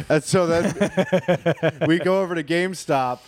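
A man's voice: on the high side, normal speed. A man in his twenties, a podcast co-host, telling a workplace story in casual, profane chat.

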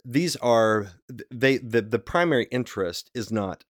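A man's voice: mid-range voice, expressive, unhurried, dry recording, studio quality. A man co-hosting a church podcast, talking casually and hedging with many fillers and restarts. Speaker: podcast co-host. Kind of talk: casual discussion.

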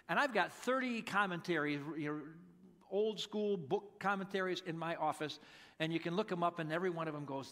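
A man's voice: sits high, brisk, fairly bright tone. A man preaching a sermon as pastor, in a conversational way, acting out the people in the story. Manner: conversational, acts out quotes animatedly.

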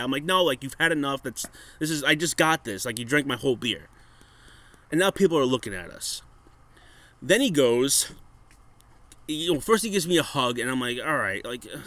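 A man's voice: medium pitch, normal speed, pauses often. Profane man telling a rambling story. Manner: profane, animated storyteller acting out quotes. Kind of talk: casual storytelling chat.

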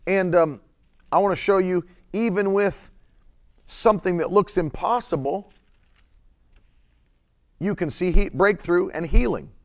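A male preacher delivering a sermon with emphatic, drawn-out phrases, breaking into loud cries when he quotes scripture and laughing between points. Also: high-pitched. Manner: emphatic, stretches words, shouts quotes; laughs between points, reads chat comments.

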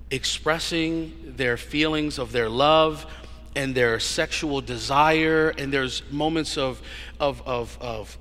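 A man preaching with a bright, ringing tone that sits a little above the usual male pitch. He teases his listeners as he goes and stumbles over his own phrases. His voice trails off into a long hall reverb. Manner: playful, teasing the congregation, with many restarts. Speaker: pastor. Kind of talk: sermon.

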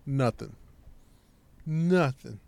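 A man's voice: medium pitch, drawn-out words, vocal fry, no room sound. A man telling a long story in casual chat, acting out what others said and swearing freely. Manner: animated, acts out quotes, swears freely.

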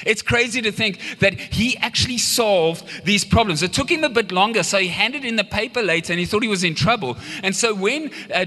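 A male pastor delivers a live sermon in a lively storytelling manner, throwing questions out to the congregation. His voice is a touch high and bright, with a forceful edge. The hall gives it a long, ringing reverb. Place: church hall.

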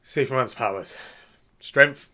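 Bright-voiced man joking around. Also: medium pitch, slow pace. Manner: joking, playful banter with frequent laughs. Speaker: podcast co-host. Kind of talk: casual chat.

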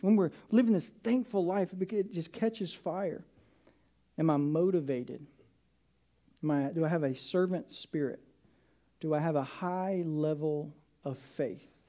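A male pastor giving a sermon in church, animated and conversational, asking the congregation questions. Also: on the high side. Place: church sanctuary.

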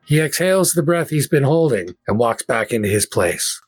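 A man's voice: medium pitch, very animated, normal speed, over loud music. Man narrating a tabletop game. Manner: vivid, descriptive storytelling. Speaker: game master.

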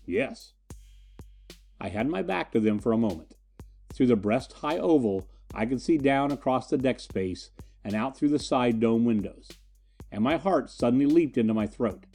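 A man narrating an adventure story in the first person with steady, dramatic storytelling. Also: mid-range voice, moderate pace, faint music behind. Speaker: audiobook narrator.

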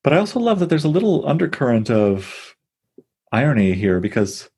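A man leading a casual, thoughtful discussion of a poem, reflective and unhurried. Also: mid-range voice, very animated, warm tone, breathy edge. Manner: thoughtful, reflective, reads verse slowly.

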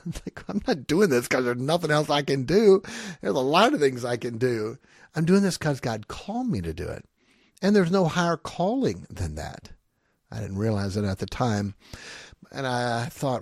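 A man's voice: mid-range voice, moderate pace, slightly rough, no room sound. Emphatic pastor man, dry close sound. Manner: emphatic, animated storytelling with laughs. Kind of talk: teaching a parenting lesson with personal stories.

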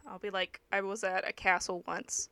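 A young woman telling a story in a casual podcast chat, with many fillers and lively asides. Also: medium pitch, normal speed, smooth, dry recording. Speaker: podcast co-host. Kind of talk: casual true-crime chat, reading aloud.

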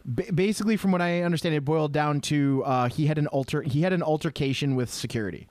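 A man co-hosting a podcast, making deadpan wisecracks in casual chat. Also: fairly high pitch, quick pace, no room sound, studio quality. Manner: deadpan, wisecracking, often trails off. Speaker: podcast co-host.

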